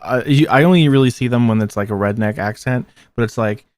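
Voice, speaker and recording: A man's voice: mid-range voice, fast talker, dry recording. A man in his thirties who grew up near New Orleans, a band member guest chatting casually and swearing freely. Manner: laid-back, swears freely. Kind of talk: casual interview chat.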